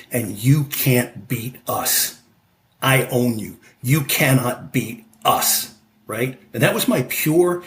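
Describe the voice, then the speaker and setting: Brief: man in his 50s, podcast guest, emphatic conversational storyteller, mid pitch. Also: rough recording. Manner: passionate, emphatic, repeats "right?". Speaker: podcast guest, amateur fighter.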